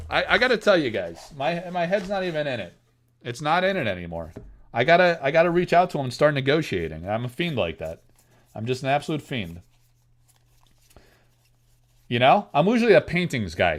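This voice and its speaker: A young man hosting a live pack-opening stream, talking straight to chat in a loose, excitable way. His voice is a bit higher than most men's and swings widely in pitch, jumping up and dropping low as he jokes at his own expense. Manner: excitable, self-mocking, talks straight to chat.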